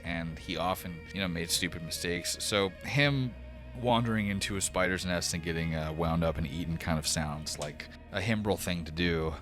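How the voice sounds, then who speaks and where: Deep-voiced casual game master. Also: male voice, fairly bright tone. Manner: loose, casual narration with fillers. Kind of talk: narrating a tabletop game.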